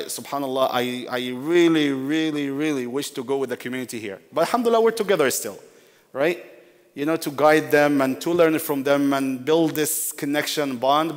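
A man teaching a workshop in a sermon-like way, repeating key phrases for emphasis and addressing his listeners as brothers. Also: mid-range voice. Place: large mosque hall. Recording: long hall reverb.

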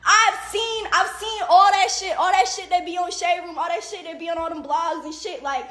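A young woman with a very high voice, venting on a livestream in a heated rant. She swears nonstop, leans on "like" and "bro", and sounds fed up. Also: steady tone, moderate pace, a bit bright. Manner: heavy profanity, repeated "like" and "bro"; indignant and exasperated, with bursts of laughter.

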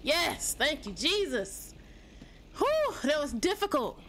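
A woman hosting a gaming channel, excitable and laughing often as she comments on her gameplay. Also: sits high, slow. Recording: commentary over noisy game audio.

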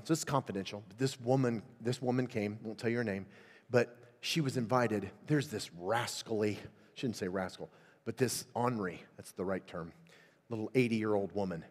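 Man preaching a fervent revival sermon. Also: on the low side. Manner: storytelling, rising to loud fervent preaching. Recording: long hall reverb.

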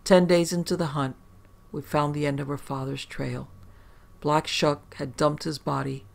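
A man's voice: fairly high pitch, little pitch movement, unhurried, creaky. A man narrating a first-person horror story in a wry, conversational way, with profane asides.

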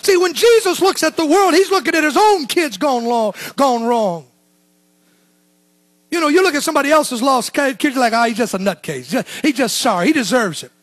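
Male pastor, sermon, very high voice, dry sound, shouts then hushes. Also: expressive, moderate pace, no echo. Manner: swings from shouted preaching to hushed, low asides.

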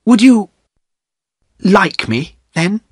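A man voicing an earnest young gentleman who pleads and turns bitter, in a storybook reading. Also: high-pitched, sing-song, drawn-out words, slightly rough, no echo, clean studio sound, voice pushed up, heavily acted. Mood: pleading.

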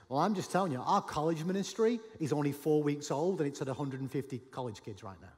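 A man preaches with a somewhat high voice, animated and dramatic, now and then breaking into a shout. His words ring through the long reverb of a large church auditorium. He acts out the dialogue of the stories he tells. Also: fast talker, hardly any pauses. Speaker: pastor. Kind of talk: sermon.

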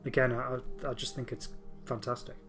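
With faint music behind him, a podcast host talks enthusiastically in a casual way. His medium-pitched voice is fairly bright but barely moves in pitch, and his speech halts often, with many restarted sentences.

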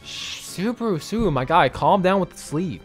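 A man's voice: high-pitched, animated, a little fast, faint music behind. A man playing a visual novel, commenting in a crude, joking, giggly way, with lots of swearing. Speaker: gaming YouTuber reacting to a visual novel. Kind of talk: casual let's-play commentary.

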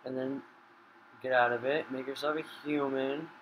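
Dude yelling and cussing at his game, bright sharp voice, faint hiss in the background. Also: medium pitch, steady tone, moderate pace, low-quality recording. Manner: swears a lot, flares into loud rage. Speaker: gamer. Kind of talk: casual gaming commentary.

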